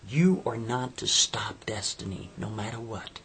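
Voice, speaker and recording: A man voicing a skeptical, devout young woman in a spoken story, her tone incredulous and rising to shrill. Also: unhurried, gravelly, a bit bright, a little hiss or hum. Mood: firm.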